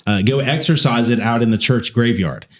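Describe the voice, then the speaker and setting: A man's voice: mid-range voice, moderate pace. Laughing, chatty male podcast host. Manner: animated storyteller, laughs often mid-sentence. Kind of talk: casual chat.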